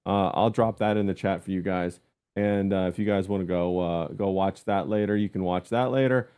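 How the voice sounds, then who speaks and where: A man hosting a livestream in casual chat, halting with many fillers as he reads the chat aloud. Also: sits low, fairly even intonation, warm tone, clean tone. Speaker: livestream host.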